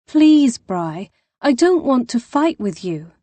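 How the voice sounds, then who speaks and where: A woman's voice: fairly high pitch, animated, measured pace, mellow, no echo, voice pushed up. A woman voicing a distraught young woman who is an older sister, tearful and defensive. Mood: pleading.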